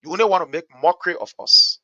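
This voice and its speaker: A man with a Liberian English accent delivers fired-up political commentary as a talk host, repeating his points and rising to shouts. His voice sits high and sounds bright and cutting, recorded close and dry. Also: fast talker, dry recording. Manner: impassioned, repetitive, builds to shouting.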